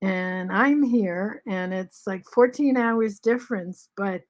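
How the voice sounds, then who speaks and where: A woman of seventy-three talking in a halting, soft way at home, pausing with many ums and restarts. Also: mid-range voice. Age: 70s. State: short of breath after covid. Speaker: vlog host. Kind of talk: casual spoken reflection.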